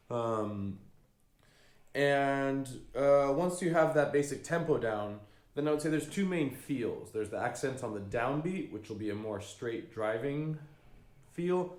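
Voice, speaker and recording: A man teaching fiddle bowing in a relaxed, unhurried way, often pausing with ums and singing out rhythms. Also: mid-range voice. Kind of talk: relaxed spoken music lesson. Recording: echoey room with fiddle playing.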